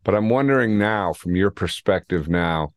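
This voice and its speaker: Low-voiced guy hosting, rambly and casual, dry sound, video call. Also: lively intonation, normal speed, no echo. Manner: rambling, many fillers and restarts. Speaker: podcast host. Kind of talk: casual interview.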